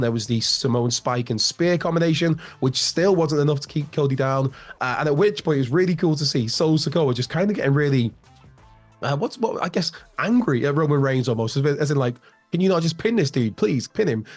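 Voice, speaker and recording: A man hosting a wrestling news show in a casual, rambling way, with a slightly raspy voice. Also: medium pitch. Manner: chatty, rambling with fillers and restarts. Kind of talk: online news commentary.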